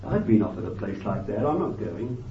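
A man preaching a sermon with fervent emphasis, moving between loud bursts and quiet asides, thinking aloud with restarts and "you see.". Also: fairly low pitch, very animated, normal speed, distant mic, slight background noise. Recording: dull, lo-fi, echoey and off-mic.

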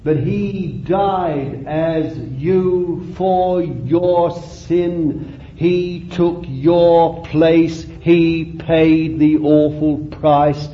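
Male preacher, high voice, slow impassioned sermon, roomy lo-fi church recording. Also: fairly even intonation, a little hiss or hum. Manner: impassioned, rising and falling, drawn-out phrases.

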